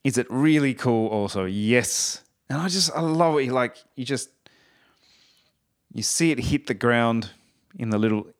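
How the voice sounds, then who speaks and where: A man's voice: medium pitch, clear, resonant tone. A man and musician giving a casual, enthusiastic spoken review, rambling with fillers and restarts.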